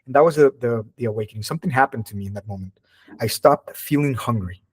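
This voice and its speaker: A man's voice: medium pitch, fast talker, husky. A man, a spiritual teacher, telling a personal story in an earnest, emotional and candid way.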